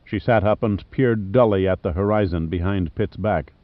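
A man reading an adventure novel aloud in a measured, even storytelling manner. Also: low voice, dry recording. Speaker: audiobook narrator. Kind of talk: scripted narration. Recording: slightly muffled dry studio.

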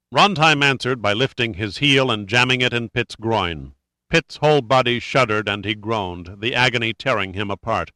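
Male narrator for a gritty thriller read, steady and measured, sharp clear tone. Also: fairly low pitch, no echo. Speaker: audiobook narrator. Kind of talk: dramatic audiobook narration.

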